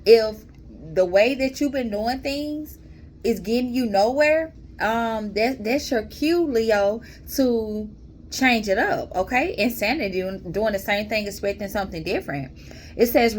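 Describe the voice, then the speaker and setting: A woman giving a casual tarot reading, talking to her viewers in a calm, mellow, chatty way and calling them y'all. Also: on the high side, unhurried, slight background noise. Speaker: tarot reader.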